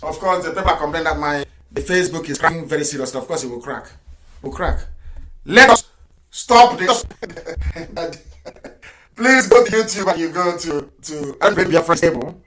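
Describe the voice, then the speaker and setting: Man, Nigerian accent, middle-aged, live broadcast address, emphatic and repetitive, fairly high voice, roomy echo. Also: moderate pace, a crowd in the background. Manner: emphatic, repeats phrases, chuckles between lines.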